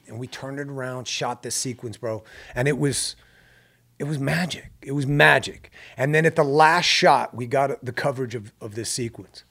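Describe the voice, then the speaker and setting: A man telling a story in casual talk, animated and swearing, acting out what people said. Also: mid-range voice, moderate pace, slightly rough. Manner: animated, swears, acts out quotes. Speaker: guest filmmaker.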